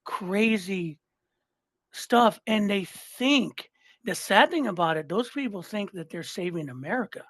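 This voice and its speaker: A man on a podcast as a guest in casual chat, animated and swearing freely, retelling comedy bits and repeating himself for emphasis. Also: high-pitched, a little slow, no echo.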